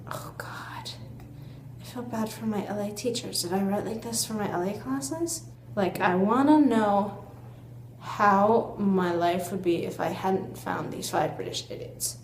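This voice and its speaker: A woman's voice: mid-range voice, reverberant, low-quality recording. A young woman vlogger reading an old letter aloud and mocking her own writing as she goes. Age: young adult. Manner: self-mocking, animated.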